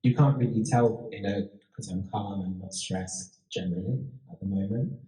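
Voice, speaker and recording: Chatty man with a dark voice. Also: fairly low pitch, normal speed. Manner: chatty, rambling, with frequent restarts and laughs. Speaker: talk speaker. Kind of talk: casual public talk with audience Q&A. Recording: echoey room.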